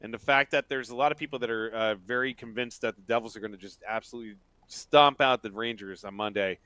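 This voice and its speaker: Bright-voiced male podcast host. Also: mid-range voice, steady tone, fast talker, clean tone, no echo. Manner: rambling, laughing often. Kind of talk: casual sports chat.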